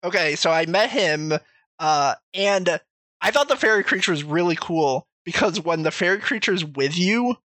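A man's voice: high-pitched, lively intonation, normal speed, pushed and bright, no room sound. A man in casual chat about a video game, rambling and swearing freely as he tells stories.

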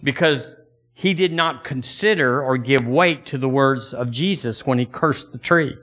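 A man's voice: mid-range voice, a little slow, a bit bright. A man preaching a sermon to his congregation, folksy and conversational, often repeating words as he builds a point and quoting old-fashioned scripture. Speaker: pastor.

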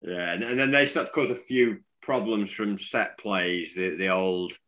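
A man's voice: deep voice, unhurried, fairly bright tone. A man from England co-hosting a casual football podcast, rambling and restarting his sentences. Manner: rambling, restarts often, chuckling. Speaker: podcast co-host.

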